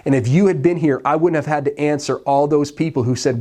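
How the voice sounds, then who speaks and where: A male pastor preaching a sermon, retelling a scripture story and acting out the dialogue with animated, conversational delivery. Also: on the high side, fairly quick, few pauses. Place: church sanctuary.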